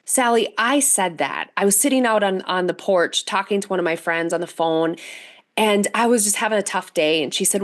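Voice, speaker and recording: A woman's voice: medium pitch, normal speed. Earnest woman in her forties. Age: 40s. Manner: earnest, animated storytelling with many restarts. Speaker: guest. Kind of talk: interview conversation.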